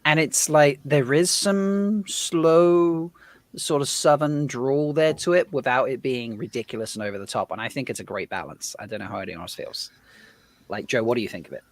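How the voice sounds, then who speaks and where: A man's voice: medium pitch, brisk, no echo. A man hosting a casual livestream chat, talking loosely with many fillers and asides. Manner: chatty, full of fillers. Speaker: host.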